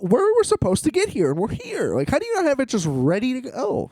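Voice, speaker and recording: A man's voice: high-pitched, wildly swooping pitch, brisk, dark tone, no room sound, studio quality. A tired man rambling in a solo vlog from a hotel room, exasperated, swearing and laughing often. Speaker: vlogger.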